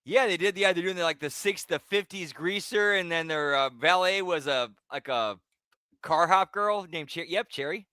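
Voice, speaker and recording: Male podcast co-host with a bright, crisp voice, playful and joking in wrestling chat. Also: high-pitched, normal speed, no echo, studio quality. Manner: playful, tosses in jokey mobster quips. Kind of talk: casual wrestling recap chat.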